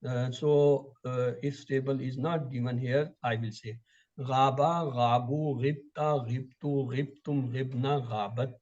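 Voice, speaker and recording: A man teaching an online class, reciting word lists in steady drills. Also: medium pitch, takes it slowly, muffled recording. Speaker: Quran and Arabic teacher.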